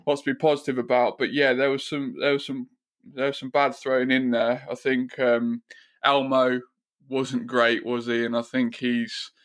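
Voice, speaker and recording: A man giving casual football analysis on a podcast, measured and hedging with fillers. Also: mid-range voice, little pitch movement. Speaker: podcast regular guest.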